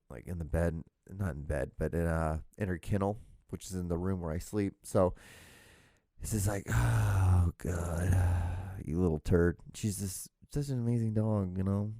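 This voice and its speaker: A man talks through a casual solo podcast in a low, mellow voice. He rambles, cuts himself off and starts over, and drops a swear word now and then. The sound is dry and close, with no room echo. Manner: rambling, self-interrupting, with frequent restarts and swearing. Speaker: podcast host. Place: small room at home. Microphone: podcast microphone.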